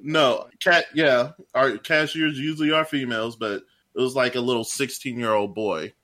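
A young man spins a rambling story among friends, cursing freely and laughing as he goes. He slips into quick quoted voices for the people in his tale, then drops back to his own plain, mid-pitched voice. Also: steady tone, sharp tone. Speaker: storyteller in a group podcast.

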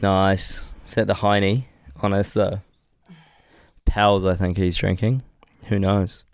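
A man's voice: sits low, level tone, takes it slowly, no room sound, studio quality. A man co-hosting a casual comedy podcast, joking and crude as he rambles. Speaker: podcast co-host.

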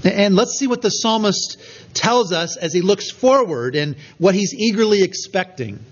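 High-voiced preacher, lo-fi sound. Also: male voice, lively intonation. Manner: earnest, measured preaching with scripture reading. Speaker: pastor. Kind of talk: sermon. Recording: dull lo-fi recording.

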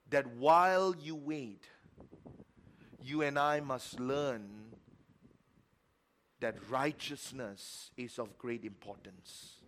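A middle-aged man preaching a sermon as pastor, telling a story with emphatic repetition and sudden swings between loud and quiet. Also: a little high. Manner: repeats words for emphasis.

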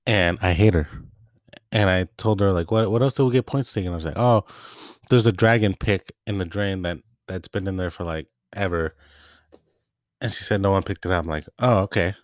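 A man's voice: deep voice, normal speed, dry recording, clean studio sound. A young man venting about work in a casual rant, swearing and retelling back-and-forth exchanges. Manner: profane, heated, retells quoted exchanges. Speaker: part-time bakery packager.

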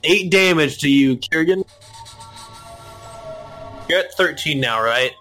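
A man's voice: fairly high pitch, lively intonation, a little slow, pushed and bright, faint music behind. A man playing a tabletop game over voice chat, eagerly egging the other players on.

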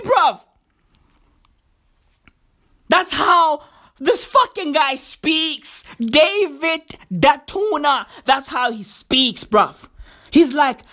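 A woman from South Africa tears into her subject in a profane, slang-heavy comedic rant. Her voice sits high and swings widely in pitch, and her delivery is drawn out and unhurried. She sounds openly incredulous. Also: expressive, bright, forceful tone. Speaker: commentator.

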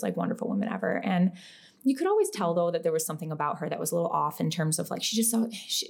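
Gravelly young woman telling wild stories on a podcast, swears a lot, acts out voices. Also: lowish voice. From Western New York, US. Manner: animated, profane, quick storytelling with acted quotes. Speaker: podcast guest. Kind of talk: casual storytelling chat.

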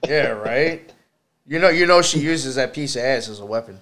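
A man's voice: mid-range voice, expressive, moderate pace, a bit bright. A man hosting a podcast, chatting casually and telling a story with lots of swearing. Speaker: podcast host. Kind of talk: casual chat.

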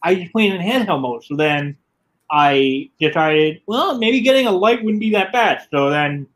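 A man chatting casually, telling a story with quick asides. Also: high voice, lively intonation, fairly bright tone, rough recording. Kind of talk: casual podcast chat.

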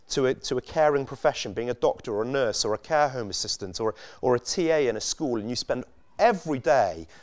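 A man preaching a sermon in a conversational way, asking his listeners many rhetorical questions. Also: a little high.

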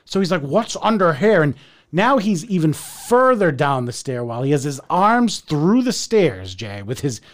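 Animated man telling a wild story. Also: a little slow. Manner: animated, profane, acts out voices with big pitch jumps. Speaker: podcast co-host telling a story. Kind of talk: casual storytelling chat.

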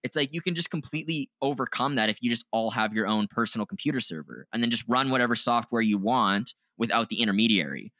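A man co-hosting a podcast in casual chat, talking excitedly, swearing often and laughing loudly. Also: medium pitch, dry recording, clean studio sound. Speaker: podcast co-host.

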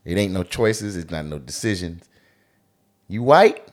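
Laid-back man, animated joking co-host. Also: sits low, a little slow. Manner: animated, joking, profane storytelling. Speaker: podcast co-host. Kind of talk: casual podcast chat.

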